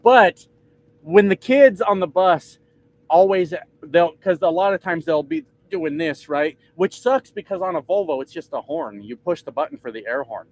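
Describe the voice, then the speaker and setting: A man's voice: on the high side, animated, moderate pace, darkish tone, rough recording. A man driving a truck and chatting casually with his livestream viewers, joking and swearing as he rambles. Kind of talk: casual live chat reading comments. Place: truck cab.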